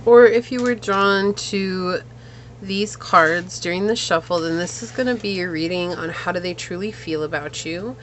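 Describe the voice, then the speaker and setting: A woman's voice: fairly low pitch, normal speed, a little hiss or hum. A woman giving a tarot reading in an earnest, emotional, spiritual way. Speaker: tarot reader.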